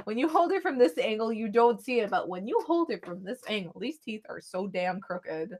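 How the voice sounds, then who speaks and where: A woman's voice: a little high, lively intonation, normal speed. A young adult woman vlogging, talking casually and rambling to a phone camera she holds at arm's length. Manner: rambling, chatty, with frequent "like" and sighs. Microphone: phone camera held at arm's length.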